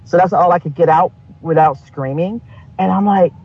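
Husky high-voiced man, animated. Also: normal speed, muffled recording. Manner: animated, profane, laughing often. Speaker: podcast co-host. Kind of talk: casual chat.

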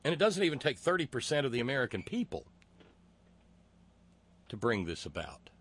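A man hosting a political talk show, reading listener comments with sardonic, profane mockery and many halting filler words. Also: mid-range voice, sing-song, a bit bright, slightly rough.

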